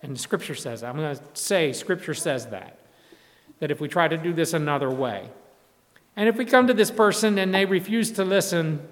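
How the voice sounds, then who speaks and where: A man's voice: a little high, animated, moderate pace. Man preaching in a reverberant hall. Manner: conversational preaching with frequent restarts and acted-out quotes. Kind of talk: sermon.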